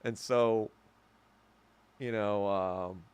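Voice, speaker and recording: A man's voice: fairly low pitch, fairly even intonation, drawn-out words, clear, resonant tone, no echo. Profane, rambling man ranting on a podcast. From United States. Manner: mocking and abrasive. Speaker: podcast host. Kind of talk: casual solo podcast rant.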